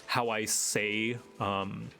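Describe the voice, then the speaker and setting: A man's voice: on the low side, little pitch movement, very slow, creaky, pushed and bright. A man chatting casually on a live stream, rambling and hesitant as he searches for words.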